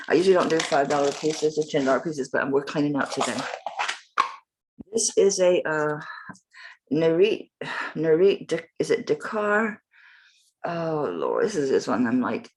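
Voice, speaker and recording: A Southern woman with a notably low voice talks through her jewelry for sale. Her manner is folksy and rambling, full of casual asides. It sounds like a relaxed home vlog. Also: slight background noise. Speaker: jewelry seller. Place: home, morning light.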